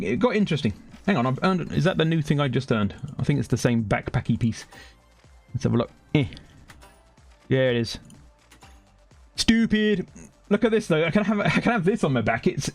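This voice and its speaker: A man's voice: on the high side, no echo. A man streaming a game, chatting casually and rambling, swearing freely, laughing often and yelping when the action heats up. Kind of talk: casual chat while gaming.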